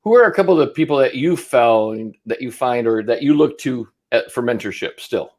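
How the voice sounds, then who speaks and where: A man's voice: mid-range voice, lively intonation, a little fast, a little mellow. A man who hosts a podcast interview, answering with brief, encouraging reactions and asking questions. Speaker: podcast host. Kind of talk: casual interview.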